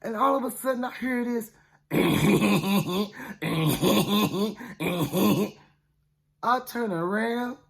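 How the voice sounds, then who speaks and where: A man's voice: very high-pitched, brisk, hardly any pauses, fairly bright tone. A man retelling a Bible story in first person, in a casual, slangy way with frequent asides to the listeners. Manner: chatty, slangy, with many "you know what I'm saying" asides. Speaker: storyteller for a ministry.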